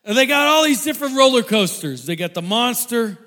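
High-voiced man laughing through a story. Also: a little fast, in a large hall. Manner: animated, laughs often mid-sentence. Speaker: speaker telling a personal story. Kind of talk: humorous storytelling to an audience.

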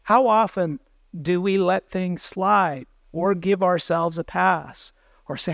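A man's voice: sits high, slow, vocal fry, a bit bright, no echo. A man preaching a sermon as pastor, earnest, putting questions to the congregation.

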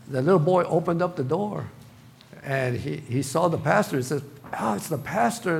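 A man's voice: fairly high pitch, creaky, slight background noise. A middle-aged man, the senior pastor, preaching a sermon in a church, building to bursts of emphasis with touches of humor. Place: church sanctuary.

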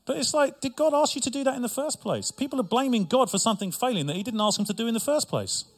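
A man's voice: extremely high pitch, expressive, quick pace. A middle-aged male pastor preaching a sermon with humor and asides to his congregation.

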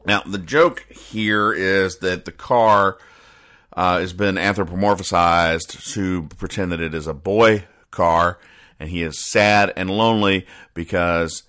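Deep, bright-toned man riffing on comics. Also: steady tone, slow pace. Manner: rambling, self-mocking, acts out characters' lines in bursts. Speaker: comic strip reader and host. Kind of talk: casual comedic commentary.

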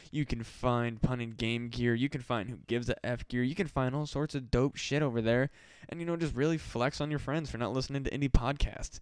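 A man's voice: medium pitch, steady tone, a little fast, hardly any pauses, clear, resonant tone, no room sound. A man hosting a solo podcast, rambling and swearing with mock-desperate pleading. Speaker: podcast host. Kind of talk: casual solo podcast rant.

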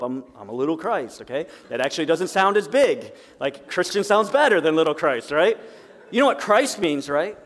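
Man preaching, high-pitched voice, long hall reverb, animated swings from loud to hushed, middle-aged pastor. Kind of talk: sermon. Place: church sanctuary.

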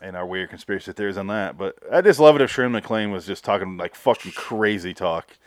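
A man's voice: on the low side, animated, fast, no echo. Joking man on a podcast, dry sound. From Canada. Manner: joking, loose, swears freely. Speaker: podcast co-host. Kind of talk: casual chat.

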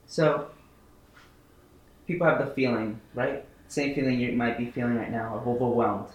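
A man's voice: medium pitch, fairly even intonation, moderate pace, highs cut off. A man co-hosting a casual podcast, prompting with short questions. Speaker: podcast co-host asking questions. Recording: echoey room.

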